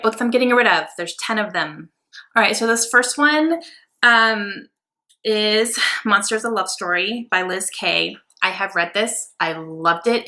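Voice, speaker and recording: A young adult woman chatting casually and excitably about her books, with many fillers. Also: fairly low pitch. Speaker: book vlogger. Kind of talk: casual book haul chat.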